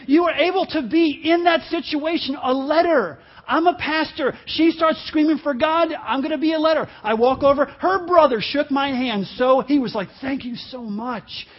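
A man preaching a sermon as pastor, telling a personal story in a halting way, dropping to quiet asides and rising to loud emphasis. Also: very high voice, muffled recording. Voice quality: halting, self-interrupting delivery with laughs.

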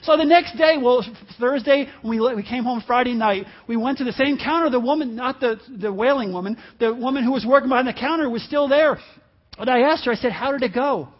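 A man preaching a sermon as pastor, telling a personal story in a halting way, dropping to quiet asides and rising to loud emphasis. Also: very high voice, lo-fi sound. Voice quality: halting, self-interrupting delivery with laughs.

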